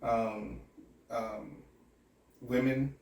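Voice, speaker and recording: A man's voice: mid-range voice, level tone, very slow, gravelly, darkish tone, recorded from a distance. Candid man, deputy, in echoey room. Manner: reflective, candid, with frequent restarts. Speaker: sheriff's deputy and police academy instructor. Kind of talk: earnest podcast interview.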